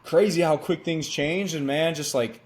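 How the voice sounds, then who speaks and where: A young man telling his own stories as a podcast guest, talking casually and full of slang. He gets excited and bounces his voice up when acting out what others said. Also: a little slow. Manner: excited, slangy, acts out quotes with pitch jumps. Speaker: podcast guest, former quarterback. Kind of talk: casual storytelling chat.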